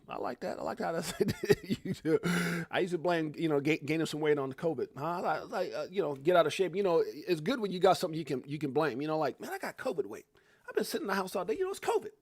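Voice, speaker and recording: A middle-aged man hosting a crypto livestream, excitable and hyped, jumping between loud outbursts and muttered asides. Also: fairly high pitch, no echo, studio quality. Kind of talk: animated casual livestream commentary.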